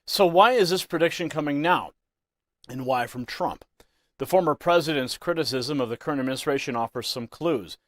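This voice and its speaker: A man's voice: fairly high pitch, moderate pace, a bit bright, dry recording. A man presenting scripted news commentary with a dramatic, emphatic delivery.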